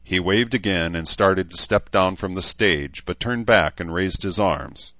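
Male audiobook narrator, steady read; very deep voice, dry, slightly dull recording. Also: a little slow, dry recording. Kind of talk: scripted narration.

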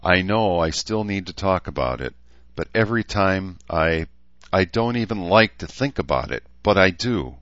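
A man's voice: deep voice, lively intonation, normal speed, fairly bright tone, dry recording, muffled recording, pitched above the performer's own voice. A man reading aloud, voicing a weary, sardonic middle-aged woman doctor. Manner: dry, exasperated.

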